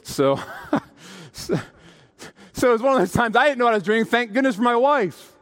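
Animated preacher in a reverberant hall. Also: male voice, extremely high pitch, moderate pace. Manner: animated, acts out quoted voices, laughs at own stories. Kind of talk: sermon with storytelling.

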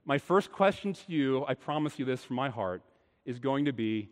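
A male pastor preaching a sermon with earnest emphasis, shifting between quiet and emphatic. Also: mid-range voice, animated, normal speed. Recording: long hall reverb.

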